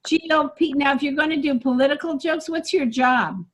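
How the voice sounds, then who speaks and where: A woman with a high voice runs a comedy coaching session. She talks energetically and emphatically, and now and then breaks into loud acted-out joke lines to show how they should land. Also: fairly quick. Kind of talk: coaching session with feedback on jokes.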